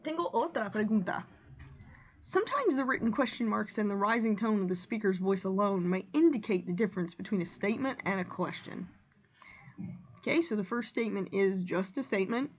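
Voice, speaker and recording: A woman Spanish teacher explaining grammar in a clear, deliberate way, reading out example sentences and translating them. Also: mid-range voice, muffled recording. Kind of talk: recorded classroom lesson.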